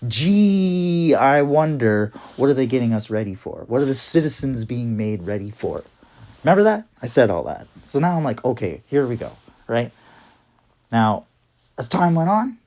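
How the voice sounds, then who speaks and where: A man's voice: medium pitch, warm tone. Agitated, profane man ranting. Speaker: vlogger. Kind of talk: casual ranting monologue to camera. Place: cold garage. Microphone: jacket rustling near the mic.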